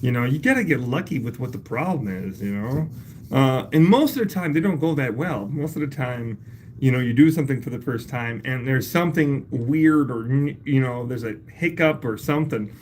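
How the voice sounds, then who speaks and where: A woman's voice: very deep voice, lively intonation, moderate pace, a little mellow, a little hiss or hum. A woman hosting a casual livestream, coaching a viewer through a home repair and then explaining it plainly. She chats loosely, laughs often and swears casually. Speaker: livestream host answering home repair questions.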